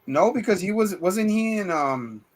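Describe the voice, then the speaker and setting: A man's voice: high-pitched, expressive, normal speed, over a noisy crowd. A man co-hosting a casual movie review chat, rambling through the plot with acted-out quotes and lots of swearing. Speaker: podcast co-host.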